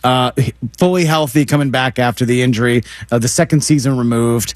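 A man's voice: mid-range voice, fairly quick, dry recording, clean studio sound. A man co-hosting a casual sports talk show, rambling with frequent stammers and restarts, poking fun at himself.

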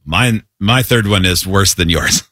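A man's voice: deep voice, unhurried, no room sound, studio quality. A man co-hosting a casual chat who jokes around and keeps the group moving. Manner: joking, animated. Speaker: podcast co-host.

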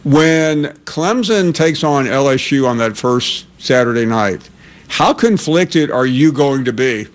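A man's voice: mid-range voice, expressive, slow. A man hosting a sports talk radio show, chatting casually and taking calls. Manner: conversational, hesitant with fillers. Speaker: host.

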